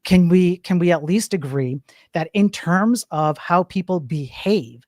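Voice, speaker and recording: A man's voice: high-pitched, a little slow, darkish tone, dry recording. Casting: nerdy male debater, hesitant, dry close mic. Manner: hesitant, self-described nerd, restarts. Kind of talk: online debate.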